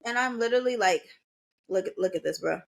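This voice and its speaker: A young woman in her twenties chats casually as a podcast co-host. She tells her story with energy, jumping into the voices of the people she quotes. Her pitch sits in the middle range for a woman. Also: fairly quick, creaky. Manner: animated, acts out quoted voices.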